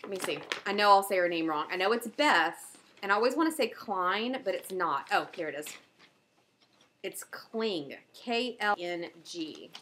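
A woman's voice: mid-range voice, animated, moderate pace, pushed and bright, slight background noise. A woman hosting a knitting video podcast, chatting casually and enthusiastically about her projects with frequent fillers. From Southern US. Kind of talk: casual show-and-tell chat.

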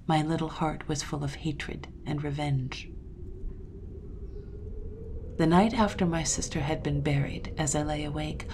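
Woman storyteller, low and gravelly, measured dramatic gothic reading. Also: a little mellow, slight background noise. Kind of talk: scripted narration of a gothic tale.

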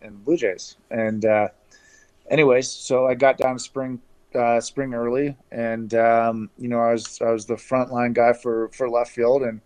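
A man from Canada telling stories as an interview guest over a video call, relaxed and chatty with lots of fillers and restarts. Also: medium pitch. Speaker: interview guest, former pro baseball player.

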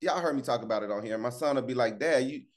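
Lively man hosting a devotional call. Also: medium pitch, racing. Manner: lively, preachy, calls out to listeners by name. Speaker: morning show host. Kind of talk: casual devotional chat on a video call. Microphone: video call.

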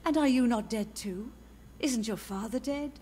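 An actress playing a gentle, wistful older mother who is grieving, in a video game. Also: on the high side, moderate pace, a little hiss or hum, lightly acted.

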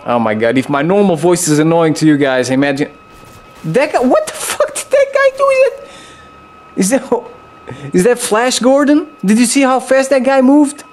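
A young man giving loose, excitable gameplay commentary, swearing freely and jumping into high yelps. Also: moderate pace.

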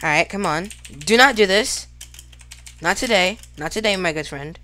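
A woman giving live gameplay commentary, excitable and casual, talking to herself and shouting at big plays. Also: lowish voice, moderate pace. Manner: casual slang, talks to self while fighting. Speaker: gaming YouTuber.

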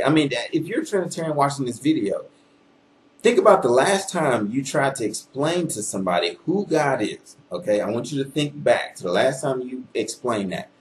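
A man's voice: mid-range voice, a little hiss or hum, rough recording. A man talking straight to his viewers, building an emphatic argument about scripture with rhetorical questions and a frequent "okay?". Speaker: video channel host. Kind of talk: argumentative religious monologue to camera.

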